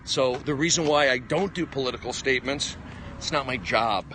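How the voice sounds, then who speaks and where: A man's voice: mid-range voice, normal speed, a little hiss or hum. A man, a stand-up comedian, rambling emphatically in a livestream monologue as he walks outdoors. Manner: excitable, emphatic, jumping between topics. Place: outdoors on a walk. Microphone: phone.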